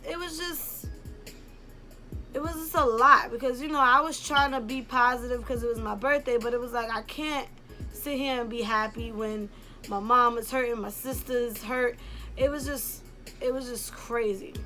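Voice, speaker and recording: A woman's voice: on the high side, normal speed, bright, forceful tone, faint music behind. Candid young woman. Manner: candid and rambling, heavy on "like" and "um". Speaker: YouTuber telling a personal story. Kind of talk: casual storytime.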